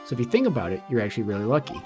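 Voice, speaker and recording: A man's voice: medium pitch, big pitch swings, rapid-fire, darkish tone, soft background music, natural voice. A man reading a sweet, teasing young animal tamer. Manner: teasing, sing-song. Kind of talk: reading game dialogue aloud.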